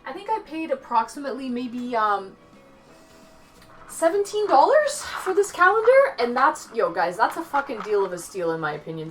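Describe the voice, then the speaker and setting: A woman's voice: fairly high pitch, a bit bright. Chatty woman streaming. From Canada. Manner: chatty, rambling, answers chat aloud, casual swearing. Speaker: livestreamer. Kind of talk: casual livestream chat.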